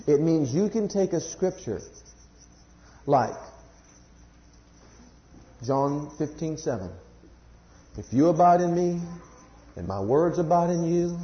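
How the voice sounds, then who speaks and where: A man preaching a sermon to a congregation, swinging from loud high emphasis to hushed low scripture quotes and sometimes stumbling over words. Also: echoey room, highs cut off. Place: church congregation.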